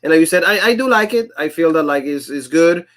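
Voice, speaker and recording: Co-host, male, accented English, slightly high voice, animated and chatty. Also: fairly quick. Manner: animated, frequently acts out quotes in shifting voices; speaks English with a non-native accent. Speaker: co-host of a wrestling review show. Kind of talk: casual podcast chat.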